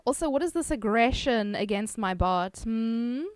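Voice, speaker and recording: Woman, livestream host, casual chat, reads chat aloud, higher voice, dry close sound. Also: expressive, measured pace, clear, resonant tone, no room sound. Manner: chatty, reads chat aloud, laughs often. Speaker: streamer.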